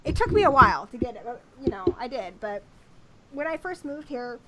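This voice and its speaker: A woman from Britain hosting a casual livestream chat, with an American accent that carries traces of British and a fast, chatty way of talking. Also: sits high, big pitch swings, a crowd in the background. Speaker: host.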